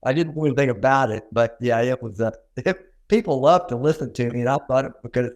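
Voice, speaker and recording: With a mid-range, somewhat dark voice and a fairly quick pace, an older man from Arkansas tells stories as a guest in an interview. He's a dentist with a Southern accent, and his style is folksy and self-deprecating.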